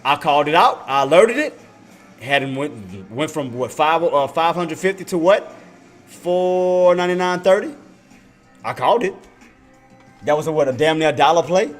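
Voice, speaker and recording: Emphatic trader talking to viewers. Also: male voice, a little high, animated, normal speed, long pauses, soft background music. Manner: repetitive, emphatic, addresses viewers as y'all. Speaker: day trader and livestream host. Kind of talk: casual trading commentary.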